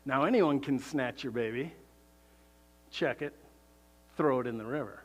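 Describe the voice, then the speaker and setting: A man preaching a sermon, animated and conversational, asking the congregation rhetorical questions and laughing between points. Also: mid-range voice, takes it slowly, long pauses, slightly rough. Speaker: pastor.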